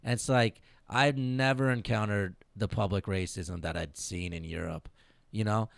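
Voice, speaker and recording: Animated, swearing man in casual chat. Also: on the low side, moderate pace, vocal fry, no room sound. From United States. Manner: animated, profane, laughing storyteller. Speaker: podcast host.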